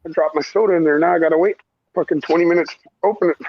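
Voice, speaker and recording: A man's voice: fairly high pitch, fairly even intonation, racing, dull audio, slight background noise. A man chatting casually on a live stream, joking crudely and swearing freely.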